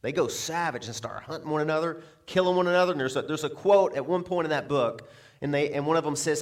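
A male pastor delivers a sermon with a slightly higher-than-usual voice. He keeps it lively, throwing out rhetorical questions and little laughs as he builds his points. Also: quick pace.

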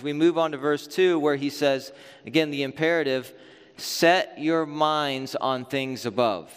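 A man preaches in an earnest, measured way, leaning on key phrases by slowing right down. His voice sits a touch high for a man and comes across smooth and resonant. A long hall reverb trails after his words. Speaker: pastor. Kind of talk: sermon.

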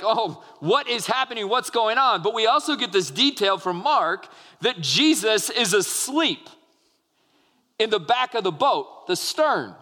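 A man's voice: high voice, pushed and bright. A man, a pastor, preaching earnestly to his congregation, restarting phrases as he explains and acts out short quotes. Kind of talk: sermon. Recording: long hall reverb.

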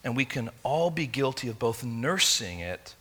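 A man from England, preaching a sermon in an animated, conversational storytelling way. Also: mid-range voice, normal speed. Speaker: pastor.

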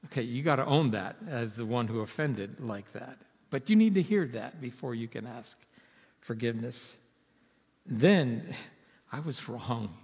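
A man preaching a sermon as pastor, earnest and conversational, moving between emphatic and hushed delivery. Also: medium pitch, expressive, normal speed, slightly rough. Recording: reverberant hall sound.

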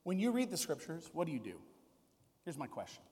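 Male pastor, high voice, casual sermon full of questions; long hall reverb. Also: wildly swooping pitch, fairly quick, mellow. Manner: conversational preaching with rhetorical questions.

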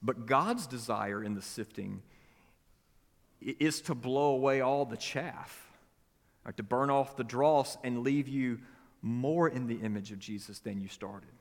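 A male pastor delivers a sermon in a relaxed, chatty way, often repeating words and dropping in folksy asides. His voice sits at an ordinary middle pitch. A long reverb from a large hall trails behind him. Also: unhurried.

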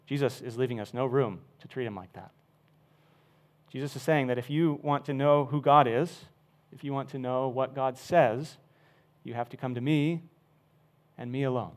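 A male pastor delivering a sermon at an average pitch. He stresses key phrases strongly and then lets his voice fall quietly away. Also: fairly even intonation, moderate pace, long pauses. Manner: emphatic, with wide swings in loudness.

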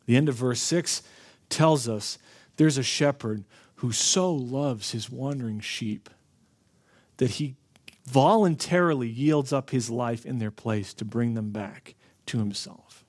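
A man's voice: medium pitch, darkish tone. Earnest male preacher. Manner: earnest preaching, slows and stresses key phrases. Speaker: pastor. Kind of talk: sermon.

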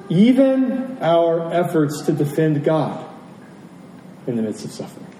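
Here a man preaches as pastor, his fairly high voice warm and emphatic as he asks rhetorical questions and circles back to key phrases. A little hiss or hum sits under the roomy, distant recording, along with faint ambience.

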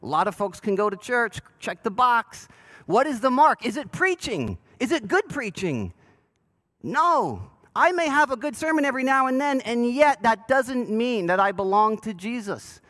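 Lively high-voiced preaching man. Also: moderate pace, low-quality recording. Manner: conversational, self-deprecating, asks the congregation questions. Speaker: pastor. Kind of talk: sermon. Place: church sanctuary.

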